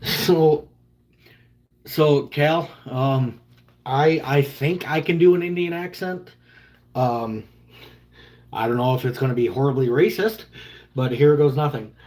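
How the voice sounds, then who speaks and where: A man's voice: mid-range voice, slow, long pauses, darkish tone. 30-something guy on a stream, rambly and jokey, just reading chat and answering. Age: 30s. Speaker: livestreamer. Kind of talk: casual chat with viewers.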